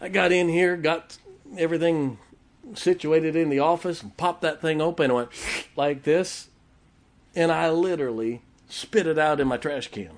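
A man's voice: a little high, normal speed. An older man preaching a sermon, telling folksy stories and laughing as he goes. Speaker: pastor.

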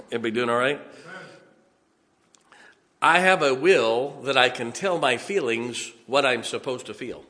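A man's voice: mid-range voice, unhurried, pauses often, pushed and bright, long reverb tail. A man preaching a sermon in a folksy way, often chuckling and checking on his congregation.

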